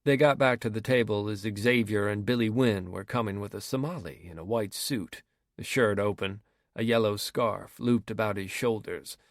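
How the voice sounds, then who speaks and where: A man's voice: on the low side, normal speed, dry recording, studio quality. Man narrating a crime audiobook. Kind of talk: scripted narration.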